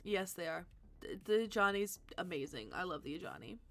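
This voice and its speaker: A woman's voice: lowish voice, sing-song, fairly quick, fairly bright tone, faint music behind. A woman hosting a live stream, chatting casually and answering viewers' comments as she thinks aloud. She is tired and sleepy. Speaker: livestream host.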